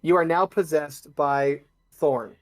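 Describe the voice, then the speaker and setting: A man running a tabletop game as game master, describing scenes in a halting way with frequent restarts. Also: fairly high pitch, over a noisy crowd. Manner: halting, with many restarts and fillers.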